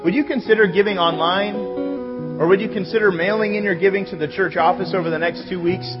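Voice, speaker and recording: Fast-talking, with a high voice and fairly even intonation, a pastor makes conversational church announcements, pausing to correct himself from time to time. The sanctuary hall echoes, the sound is dull, and music plays in the background.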